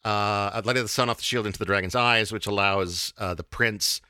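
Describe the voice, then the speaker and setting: A man hosting a casual podcast, talking in a halting way with many fillers and restarts. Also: lowish voice, pushed and bright, smooth, no room sound, studio quality. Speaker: podcast host.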